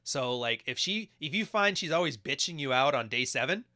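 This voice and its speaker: A man's voice: mid-range voice, expressive, a little fast, pushed and bright. A man giving crude, mocking casual commentary while reacting to videos. He keeps acting out quoted voices.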